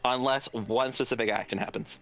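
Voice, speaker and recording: A man's voice: medium pitch, fairly even intonation, brisk, highs cut off, over loud music. A man narrating as dungeon master in a tabletop game, loose and rambling, with lots of "like".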